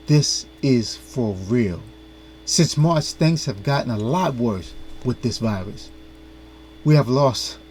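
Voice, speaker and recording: A man hosts a commentary vlog in a mid-range voice. He speaks earnestly and makes sharp, critical points. His delivery is direct and serious. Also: medium pitch, slight background noise. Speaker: host.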